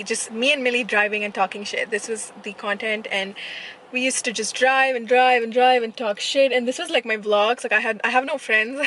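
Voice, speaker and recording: A woman's voice: fairly high pitch, sharp tone, slight background noise, poor audio. A young woman talking casually to her vlog camera, candid and profane as she tells stories. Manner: candid, profane, chatty storytelling. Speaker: vlogger.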